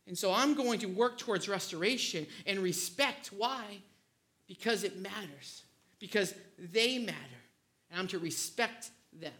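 Male pastor in his thirties, bright voice, animated storytelling sermon. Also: high voice, measured pace. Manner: animated, acts out family scenes, repeats words.

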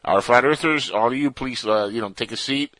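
A man's voice: mid-range voice, a little fast, a bit bright, no room sound, poor audio. A man hosting a radio show, chatting in a playful, goofy and rambling way. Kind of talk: casual radio banter.

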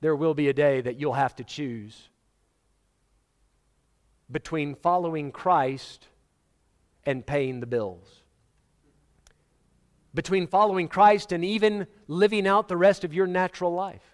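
A man's voice: fairly high pitch, unhurried, long pauses. A man preaching a sermon, telling stories dramatically and acting out the voices of the people in them. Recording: long hall reverb.

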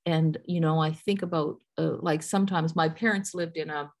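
A woman's voice: low voice, fairly even intonation, normal speed, a little mellow. A middle-aged woman from Newfoundland, with a light Newfoundland accent, talking earnestly in a casual interview with many fillers and restarts. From Newfoundland, Canada. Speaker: guest.

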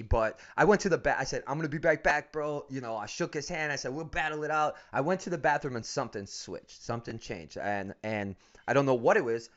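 A man's voice: medium pitch, highs cut off. A man who coaches fighters, chatting casually and profanely, telling stories with frequent laughs. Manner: profane, storytelling, laughs often. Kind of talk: casual podcast chat.

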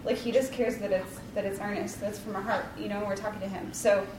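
A woman's voice: mid-range voice, steady tone, quick pace, noisy background. Chatty woman leading bible study, lots of likes and ums, kinda far off in an echoey room. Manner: chatty, rambling, full of likes and ums, self-deprecating. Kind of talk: casual devotional talk. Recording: roomy, distant mic, faint ambience.

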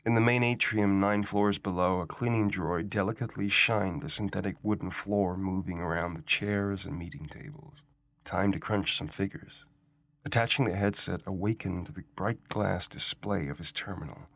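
A man reading a science-fiction short story aloud as guest reader, in a measured, unhurried storytelling style, on a close studio mic. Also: deep voice, vocal fry, a bit bright. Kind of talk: scripted narration.

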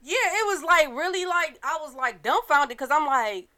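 Lady on a podcast, high bright voice, blunt and laughing a lot. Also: normal speed, few pauses. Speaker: podcast co-host. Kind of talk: casual chat.

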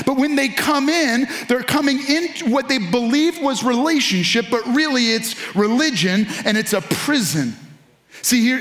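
High-voiced animated male preacher. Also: echoey room. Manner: animated preacher, speaks to the congregation directly and reads scripture aloud. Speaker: pastor. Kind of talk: sermon.

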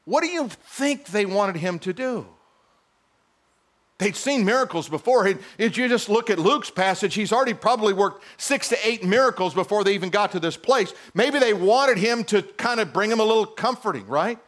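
A middle-aged male pastor preaching a sermon in a church, animated and teasing his congregation. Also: high-pitched, normal speed.

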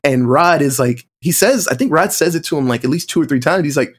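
Speaking briskly, a podcast co-host or guest with a somewhat higher-than-typical male voice runs through movie trivia in a laid-back conversation. His storytelling is lively, and he keeps slipping into exaggerated voices to act out the quotes he mentions.

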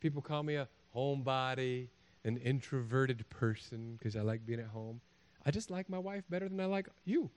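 A man's voice: medium pitch, normal speed. A man preaching a sermon as a pastor, telling jokey stories and acting out little voices. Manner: animated, jokey storytelling with acted-out voices.

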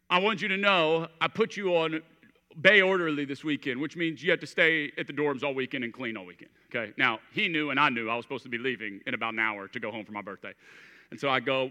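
A man in his thirties preaching a sermon, telling a personal story with acted-out dialogue and swinging between hushed and emphatic delivery. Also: fairly high pitch. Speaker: pastor. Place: church auditorium. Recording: long reverb of a large hall.

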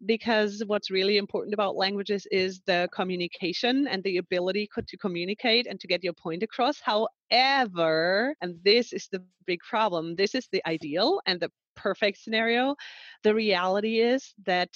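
A woman's voice: mid-range voice, normal speed, dry recording, dull audio. A woman from Germany who is a language teacher, talking candidly and laughing easily in a conversation. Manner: candid, laughing, self-reflective. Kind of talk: conversational interview.

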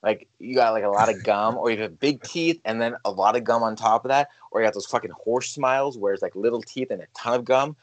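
A man's voice: lowish voice, quick pace, hardly any pauses, rough recording. A young man chatting casually as a podcast co-host, rambling, swearing and mumbling. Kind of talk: casual chat.

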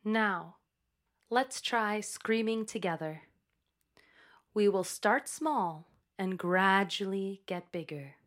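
Slow, calm woman coaching breath. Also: mid-range voice. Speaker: voice instructor. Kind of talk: guided breathing and voice exercise.

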